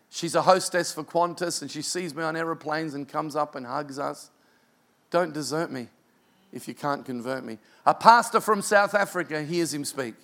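A man's voice: on the high side, vocal fry, fairly bright tone. A male pastor preaching a sermon and telling an emotional story in an earnest way.

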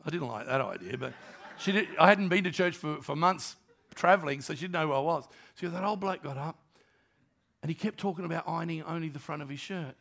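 An older man, a pastor telling stories in a sermon and acting out the dialogue, dropping to softer tones. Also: a little high, a little fast, vocal fry. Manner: animated storyteller, acts out dialogue, drops to soft tones. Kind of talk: storytelling sermon.

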